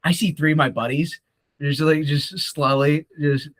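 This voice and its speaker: A young man telling a profane, animated story in casual talk, often acting out the voices of others. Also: on the high side, measured pace, dry recording. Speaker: podcast guest.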